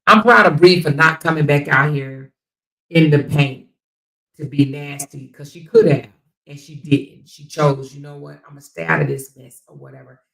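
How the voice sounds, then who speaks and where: A woman's voice: sits low, normal speed, fairly bright tone. A woman hosting a casual livestream, reading viewer comments aloud and chatting back in reply. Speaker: livestream host.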